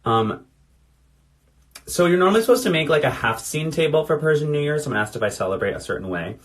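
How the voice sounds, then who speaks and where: A man's voice: on the high side, lively intonation, fast. A man in his thirties chatting casually on a phone livestream, reading out viewer comments while doing his makeup. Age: 30s. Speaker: drag performer.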